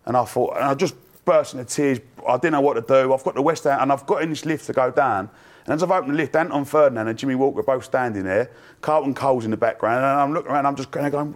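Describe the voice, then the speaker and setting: Excitable man telling a wild story. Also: medium pitch, quick pace. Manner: breathless, laughing anecdote with acted quotes. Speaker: fan panel guest. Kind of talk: animated storytelling.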